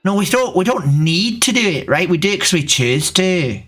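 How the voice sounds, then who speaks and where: A woman's voice: on the low side, sing-song, moderate pace, slight background noise. A woman streaming from home in casual live-stream chat, talking to herself between strangers and swearing freely. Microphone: desk microphone.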